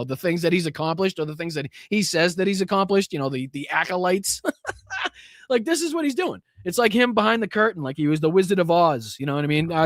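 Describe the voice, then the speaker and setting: A man's voice: sits high, fairly bright tone, no room sound, studio quality. A man hosting a live political rant, sarcastic and profane, laughing often and restarting his sentences. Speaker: host of a political commentary stream.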